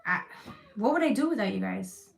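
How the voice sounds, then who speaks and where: A woman's voice: mid-range voice, expressive, normal speed, vocal fry. A woman giving a live tarot reading to her chat, emphatic and reassuring, repeating phrases, swearing casually and getting emotional. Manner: emotional, close to tears at times. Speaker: tarot reader.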